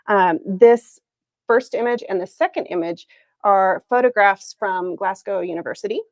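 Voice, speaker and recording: An Arizona planner shop owner hosts a casual livestream product reveal, chatty and upbeat and laughing often. Her voice is mid-range and a little mellow, at a moderate pace, with no echo.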